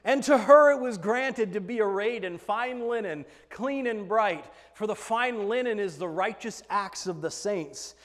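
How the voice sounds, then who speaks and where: A man preaching a sermon as pastor, emphatic, swinging between hushed and loud passages. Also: high-pitched, a little slow, hardly any pauses, long reverb tail.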